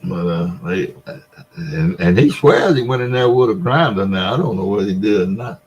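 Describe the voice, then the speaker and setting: With a low, slightly mellow voice and an animated delivery at normal speed, a seventies-aged man from the Mississippi Delta, USA, tells a long story. This vlogger's Southern accent and folksy laughs between lines fill the casual telling, though the highs are cut off.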